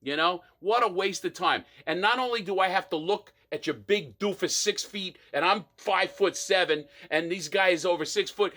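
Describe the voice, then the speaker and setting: High-voiced man ranting in a comic monologue. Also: normal speed, few pauses, pushed and bright. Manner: exasperated ranting, mocking impressions. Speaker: monologue performer.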